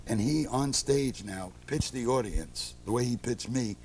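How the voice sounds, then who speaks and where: A man being interviewed, telling relaxed anecdotes and acting out the people in them. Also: medium pitch, unhurried, slight background noise. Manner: animated, acts out quoted people. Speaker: interview guest, theater producer.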